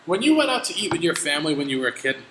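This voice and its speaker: A man holds forth in a lively, bright voice that swings up and down as he tells his story. His talk is full of profanity and exasperated asides. The room behind him is echoey, with a faint hiss underneath. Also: on the high side, racing. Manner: profane, animated rants, exasperated. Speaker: podcast host. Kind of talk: casual chat, storytelling.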